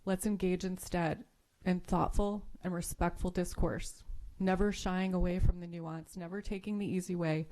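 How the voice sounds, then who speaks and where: Woman, mellow lowish voice, measured prepared speech at a public meeting. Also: steady tone. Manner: measured, earnest delivery. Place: public board meeting room.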